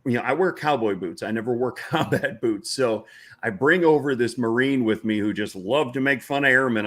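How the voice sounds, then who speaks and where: A man with an average-pitched voice tells a casual story as a guest. His delivery is folksy and chatty, with frequent chuckles and filler words. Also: fairly bright tone. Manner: folksy, chuckling, lots of "you know". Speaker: veterans' ranch organizer, guest.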